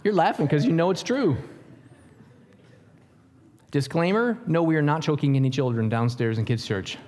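Male pastor, slightly high voice, lively sermon delivery with asides and humor. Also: normal speed, big-room sound. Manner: animated preaching with jokes and rhetorical questions.

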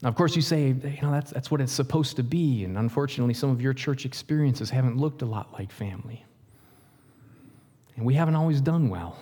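A male pastor preaching a sermon in an animated way, with jokes and questions to the congregation. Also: mid-range voice, a little fast, slightly rough, in a large hall.

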